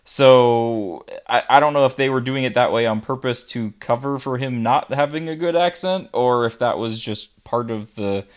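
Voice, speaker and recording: A man with an average pitch talks through a movie in a relaxed review chat. He is hesitant and keeps stopping to restart his sentences. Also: normal speed, few pauses, clean tone. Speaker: podcast co-host.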